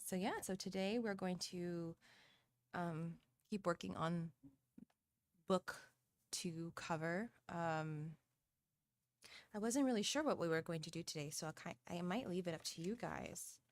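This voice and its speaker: A young woman with a fairly low voice chats casually to her viewers while she draws on a live stream. She talks in a hesitant, friendly ramble full of ums and quick laughs. Her desk mic gives a dry, close sound with no room echo. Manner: chatty and hesitant, many ums, laughs often. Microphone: desk microphone.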